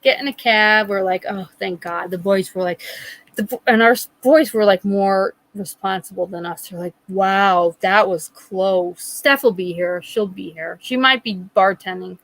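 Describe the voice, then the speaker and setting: A woman's voice: mid-range voice, normal speed, fairly bright tone, low-quality recording. A middle-aged woman hosting a live stream, telling a rambling story with acted-out quotes and chatting with viewers. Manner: rambling storyteller, acts out quotes, frequent laughs. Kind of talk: casual chat with live chat viewers.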